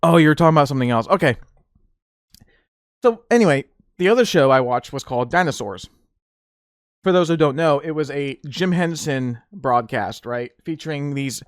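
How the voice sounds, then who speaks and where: A man's voice: a little high, smooth, no echo, studio quality. A man hosting a podcast, rambling in casual chat with frequent laughs and fillers. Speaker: podcast host.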